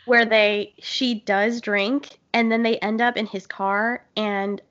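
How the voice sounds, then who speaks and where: A woman's voice: medium pitch, steady tone, takes it slowly, fairly bright tone. A woman in casual movie talk, blunt, profane and enthusiastic as she gushes over scenes. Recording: dull lo-fi sound.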